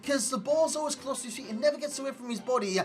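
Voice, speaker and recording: A man's voice: very high voice, racing, darkish tone. A man with a Geordie accent giving a casual, rambling gameplay review, repeating phrases and joking at his own slips. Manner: chatty and rambling, repeats phrases, jokes at himself. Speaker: video game player reviewer. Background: faint background music.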